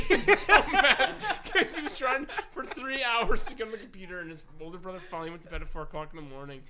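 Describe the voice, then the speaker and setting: A man's voice: high-pitched, quick pace, hardly any pauses, crowd noise. A young man co-hosting a podcast, telling crude stories to his friends and laughing through them. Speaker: podcast co-host. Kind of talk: casual storytelling among friends.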